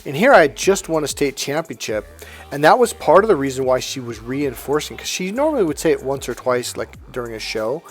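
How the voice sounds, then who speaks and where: A man's voice: medium pitch, sing-song, fairly quick, faint music behind. A middle-aged man talking bluntly and with profanity to camera as a self-help coach, acting out what family members said. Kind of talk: casual monologue to camera.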